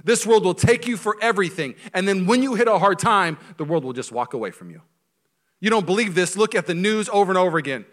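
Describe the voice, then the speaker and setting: A man in his thirties, a pastor preaching a sermon in a conversational, joking way that swings from quiet to loud. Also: high voice, animated, quick pace.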